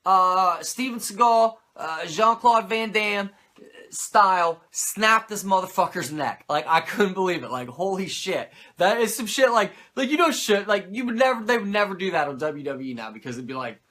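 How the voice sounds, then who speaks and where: A man with a high, expressive voice hosts a laid-back wrestling recap podcast at a normal speed, his tone bright and forceful. He swears plenty, drops "like" all over the place, and rants in disbelief.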